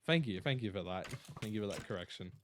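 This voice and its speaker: Lowish and fast with lively intonation, this tired, yawning Australian rambles casually on a live stream and reads out chat messages against a noisy background.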